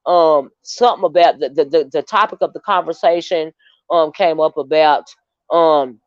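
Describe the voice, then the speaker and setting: A woman's voice: low-pitched, moderate pace. A woman chats through a livestream in a loose, rambling way, telling her viewers a long story with plenty of asides. The sound is muffled and lo-fi, and it is very dry, with no room echo at all. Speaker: livestream host. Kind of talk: casual livestream commentary. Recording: dull, dry lo-fi stream audio.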